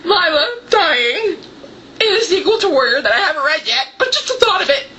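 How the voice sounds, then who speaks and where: A woman book vlogger chatting casually to camera, giggly and tearful with excitable outbursts, recorded at home on a camera microphone. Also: very high-pitched, fairly quick, a little hiss or hum. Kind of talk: casual vlog chat.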